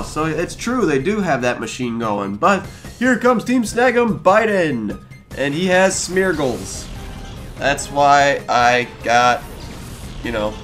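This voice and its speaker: An excitable young man records video game commentary with faint game music behind him. His pitch sits mid-range for a man, and he reacts out loud as he plays. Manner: excitable, talks to the game characters, quick exclamations. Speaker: let's play host.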